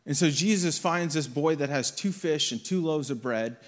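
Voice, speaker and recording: With a slightly high voice at a moderate pace, a young adult guest speaker delivers a conversational sermon in a church hall. It centers on a personal story, with quotes acted out.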